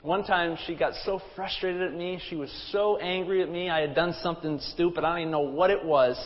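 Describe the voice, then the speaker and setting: A man delivers a sermon in a friendly, storytelling way, dropping in humorous asides. His voice sits a little high for a man. The sound rings with long reverb and comes across dull and muffled. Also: fairly even intonation, brisk. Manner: conversational and anecdotal, with humorous asides. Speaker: pastor.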